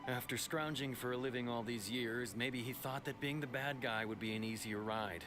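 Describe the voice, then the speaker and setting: A man's voice: medium pitch, fairly even intonation, moderate pace, music in the background, lightly acted. An actor playing a stern male city guard officer in a video game, giving a formal, briefing-like account.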